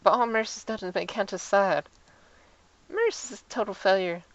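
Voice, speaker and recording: A woman's voice: medium pitch, a little fast, no echo, natural voice. A woman voicing a cheerful, mysterious young girl who refers to herself by her own name instead of saying I. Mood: earnest. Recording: dull lo-fi.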